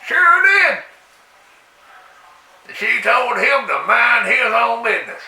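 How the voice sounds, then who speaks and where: A man telling a rambling comic story in a folksy way, breaking into loud exclamations. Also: normal speed, gravelly. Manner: folksy drawl with loud high-pitched exclamations. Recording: echoey room, distant mic.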